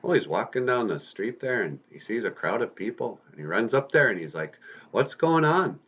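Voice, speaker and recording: Deep-voiced man telling a folksy story. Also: animated, fairly quick, a bit bright, slightly rough. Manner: folksy, rambling with asides. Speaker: podcast host, storyteller. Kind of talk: casual storytelling to kids. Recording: slightly muffled lo-fi recording.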